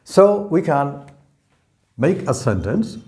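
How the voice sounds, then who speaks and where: A man's voice: fairly high pitch, sing-song, slow pace, darkish tone. A man teaching an English grammar lesson, speaking carefully and repeating each example sentence. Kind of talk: slow explanatory lesson.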